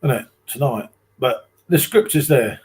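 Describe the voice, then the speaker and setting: A man's voice: mid-range voice, expressive, measured pace, darkish tone. A middle-aged man with a London accent, hosting a casual beer-drinking chat, joking and reading out viewer comments. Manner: jokey banter, reads viewer comments aloud. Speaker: beer channel host.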